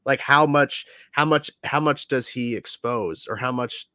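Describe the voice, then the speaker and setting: A man co-hosting a casual pop-culture chat show, excitable, laughing and swearing, often repeating himself. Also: medium pitch, a little slow, dry recording. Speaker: co-host.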